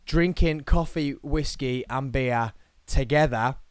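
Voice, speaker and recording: A lively man with a Birmingham accent hosts his own podcast, chatty and playful with quick jokey asides. His voice sits at an ordinary middle pitch. The sound is close and dry. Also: clean tone, no echo. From England. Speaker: podcast host. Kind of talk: solo podcast chat.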